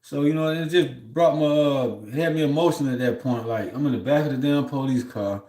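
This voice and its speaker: A man's voice: medium pitch, a little fast, dark tone. Man rambling in a roomy echo. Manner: loose, rambling, repeats "you know what I'm saying"; heated and aggrieved when telling of mistreatment. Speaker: livestream host. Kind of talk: casual storytelling on a livestream.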